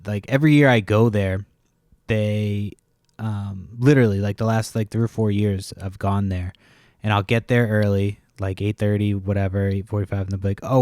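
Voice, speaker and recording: Low, dry-voiced man rambling and swearing. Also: darkish tone, smooth, no room sound. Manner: profane, rambling, self-interrupting storyteller. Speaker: podcast host. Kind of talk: casual rambling monologue.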